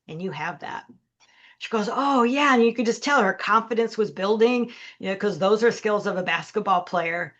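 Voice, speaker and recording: A woman's voice: mid-range voice, fairly bright tone. A middle-aged woman, a leadership coach, telling a story as a podcast guest and acting out the dialogue. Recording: dull lo-fi audio.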